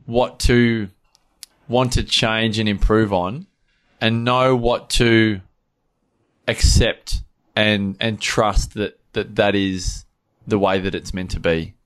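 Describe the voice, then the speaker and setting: A man co-hosting a podcast, talking loudly and animatedly in a casual chat. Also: medium pitch, smooth. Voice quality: loud, animated talker. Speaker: podcast co-host.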